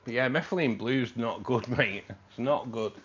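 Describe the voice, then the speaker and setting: A man's voice: medium pitch, normal speed, lo-fi sound. A man hosting a casual livestream, chatting with viewers, calling them mate and reading out the chat, his voice a little tired. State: voice tiring. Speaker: livestream host. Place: home room.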